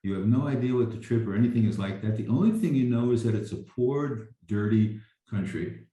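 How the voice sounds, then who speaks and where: A man's voice: on the low side, brisk, mellow. An older man telling a personal story in a rambling way, with frequent restarts. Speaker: speaker sharing a memory. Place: home, recorded over a video call. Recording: very echoey room.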